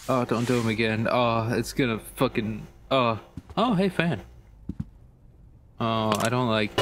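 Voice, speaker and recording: Playing a horror game for his viewers, a male gaming video creator reacts nervously and jumpily, cursing a lot along the way. His voice is medium-pitched with a fairly bright tone, and slight background noise is present.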